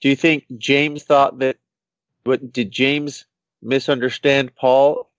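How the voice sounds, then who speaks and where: A man's voice: medium pitch, flat delivery, slow, no room sound, muffled recording. A man interviewing with curious, inquiring questions.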